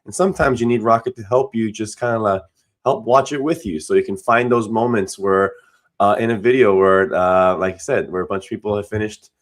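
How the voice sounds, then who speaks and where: A man's voice: lowish voice, a little fast. A man co-hosting a weekly community call, easygoing and agreeable, chatting casually with lots of yeps and fillers. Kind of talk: casual promotional chat.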